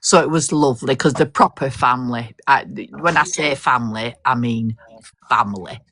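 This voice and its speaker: A woman's voice: extremely low pitch, brisk, fairly bright tone. An older woman, telling a long story in casual chat, swearing mildly and laughing often. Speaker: host.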